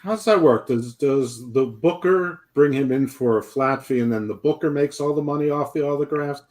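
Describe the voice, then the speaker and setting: A man's voice: medium pitch, normal speed, darkish tone. A man co-hosting a casual podcast who asks curious questions and cracks dry jokes. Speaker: podcast co-host.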